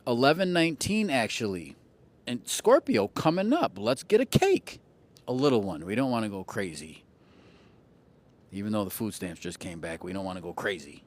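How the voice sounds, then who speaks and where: A man's voice: on the low side, big pitch swings, normal speed. A man hosting an astrology livestream in casual chat, playful and teasing with viewers, often repeating phrases for effect.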